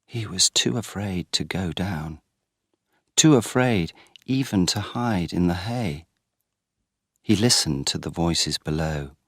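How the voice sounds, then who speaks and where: Slow, deep-voiced male storyteller. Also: animated, a bit bright, dry recording, clean studio sound. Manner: slow and clear for learners. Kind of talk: graded-reader story narration.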